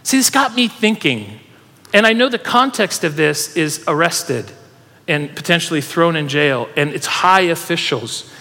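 In an unhurried sermon, a pastor with a high voice tells energetic stories and urges his congregation to join in. The large church hall leaves a long reverb trailing behind each phrase.

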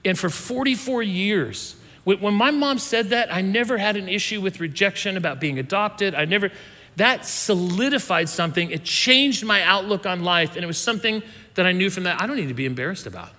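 With lively intonation and a slightly fast pace, a pastor in his fifties tells of his childhood in a casual sermon, repeatedly cutting himself off to restart. The voice is high and bright, trailed by a long big-hall reverb.

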